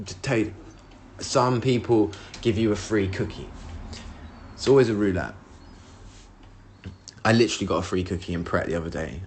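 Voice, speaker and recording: A man's voice: deep voice, a little hiss or hum. Rambling, swearing man telling a story. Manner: rambling, animated, swears a lot, acts out his own outbursts. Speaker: podcast host. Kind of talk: solo storytelling monologue.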